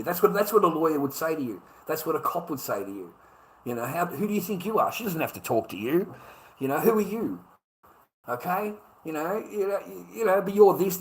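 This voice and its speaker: A man's voice: a little high, animated, fairly quick, a little hiss or hum, rough recording. A man with an Australian accent in a profane, repetitive monologue, stammering as he restarts his sentences. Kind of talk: ranting monologue.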